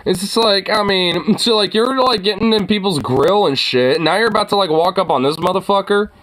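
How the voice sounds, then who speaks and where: A young man with a slightly high voice talks through a clip he is watching. He swears freely, sounds incredulous and often breaks into laughter. His asides are loose and offhand. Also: fairly quick, a bit bright. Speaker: reaction streamer. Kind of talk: casual video reaction commentary.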